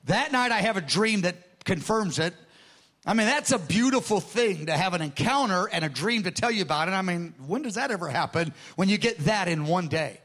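A man preaching a sermon, telling a story with lively quoted dialogue and repeating words as he starts phrases. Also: high-pitched, fairly quick.

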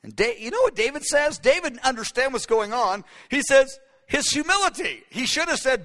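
Pastor guy preaching, high bright voice, long hall echo, acts out the bible people. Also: sing-song, a little fast. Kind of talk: sermon.

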